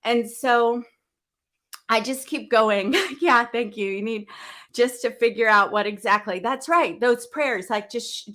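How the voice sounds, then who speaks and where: A woman hosting a business event livestream, talking earnestly and with deep feeling, open about her faith, often starting sentences over. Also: a little slow, a bit bright. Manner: earnest, heartfelt, faith-filled, rambling with restarts. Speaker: event host. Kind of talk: emotional livestream talk.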